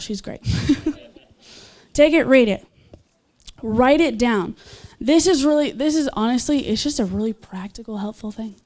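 A young woman giving a casual, enthusiastic sermon, chatting with laughs and fillers and jumping up in pitch when she voices others. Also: smooth. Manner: animated, leaps in pitch when voicing others. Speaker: speaker at a church gathering.

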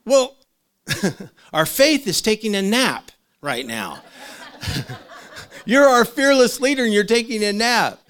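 A middle-aged man, a pastor, gives a conversational sermon in a heartfelt, animated way, laughing often and dropping soft and low when he speaks of loss. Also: slow pace, long pauses.

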